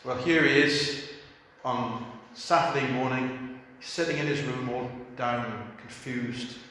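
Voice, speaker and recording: A man preaching a sermon, telling a story and acting out the quoted voices softly. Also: mid-range voice, steady tone, slow pace, a little hiss or hum. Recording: echoey hall.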